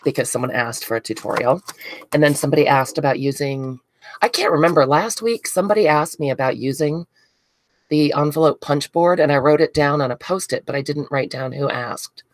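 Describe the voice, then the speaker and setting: A woman with a low, stuffy, congested voice chats through a live crafting session. She greets viewers by name and gushes over pretty things as she unboxes them. The sound is close and dry, with no room around it. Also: brisk, no echo. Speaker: crafting livestream host. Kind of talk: casual live chat while crafting.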